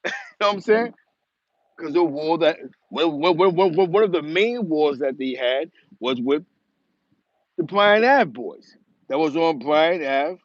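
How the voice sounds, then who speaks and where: A man's voice: a little high, animated, a little slow, pauses often, no room sound. Rambling New man, muffled dry sound. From the Bronx, New York. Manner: rambling and emphatic, with many restarts and asides. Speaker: host. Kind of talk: casual commentary monologue.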